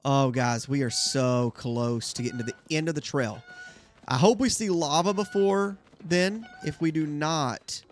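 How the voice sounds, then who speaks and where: A young gaming-channel host, chatting casually with his viewers as he plays, speaks in a fairly high-pitched voice at a slightly slow pace.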